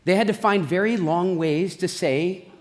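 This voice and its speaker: A man giving an animated, jokey talk on stage, telling stories with voiced asides. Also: high voice, unhurried. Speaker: speaker. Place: large event hall. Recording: reverberant hall.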